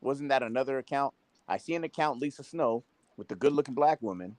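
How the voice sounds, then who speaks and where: A man's voice: mid-range voice, animated, fairly quick, a little mellow, dry recording. A man on a casual chat panel, gossiping and swearing. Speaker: podcast panelist.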